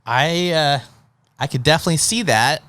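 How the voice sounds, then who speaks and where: A male host in a casual interview chat who tells stories in an animated way, acting out little scenes as he goes. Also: on the high side, normal speed, clean tone, no echo, clean studio sound. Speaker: podcast host.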